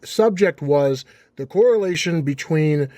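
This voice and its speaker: A man's voice: fairly high pitch, expressive, unhurried, mellow, dry recording. A man hosting a casual podcast interview who asks leading questions and laughs easily. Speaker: podcast host.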